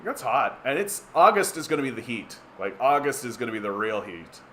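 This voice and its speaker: Canadian guy rambling on his stream, sarcastic, lots of uh and restarts, mid pitch, bit of background hiss. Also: sing-song, brisk, fairly bright tone. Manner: rambling, many restarts and fillers, sardonic. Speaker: livestream host reading chat. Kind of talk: casual political livestream chat.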